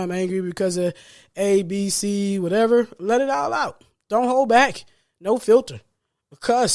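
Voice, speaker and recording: A man with a notably high voice gives a solo podcast talk as a life coach. He speaks in an earnest, preachy way, circling back to repeat his key phrases. Light laughs slip out between his points. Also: a little mellow. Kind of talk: solo motivational podcast monologue.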